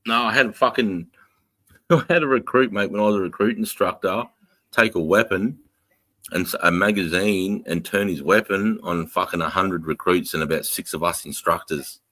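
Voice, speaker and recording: A middle-aged Australian man telling army stories in casual chat. His voice sits deep but bright and forceful, laughing and cursing freely. The sound is dry and close. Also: moderate pace, dry recording. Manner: swearing, laughing storyteller. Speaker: podcast co-host, ex-army instructor.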